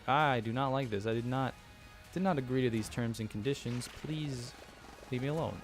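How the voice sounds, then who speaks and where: A man's voice: medium pitch, moderate pace, soft background music. Rambling young man narrating his gameplay. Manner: rambling, self-deprecating, chuckling asides. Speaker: gameplay commentator. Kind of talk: casual let's-play commentary.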